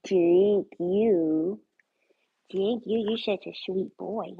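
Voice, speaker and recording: A woman's voice: mid-range voice, unhurried, long pauses, breathy edge. A woman streaming live from her home kitchen at night, chatting casually with viewers and talking to her dogs. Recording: tinny phone-like sound.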